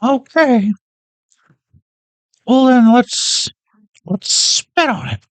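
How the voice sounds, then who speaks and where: A shrill, squeaky cartoon hunter. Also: male voice, animated, no room sound, exaggerated voice. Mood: eager. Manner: challenging, taunting, quick to anger.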